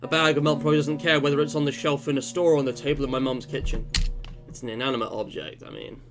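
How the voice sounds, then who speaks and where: A man's voice: mid-range voice, fairly even intonation, quick pace. A young man playing a story game, reading its text aloud and breaking off into casual, slangy commentary. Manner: chatty and informal, muses aloud, slangy asides. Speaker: let's play gamer. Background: game music playing.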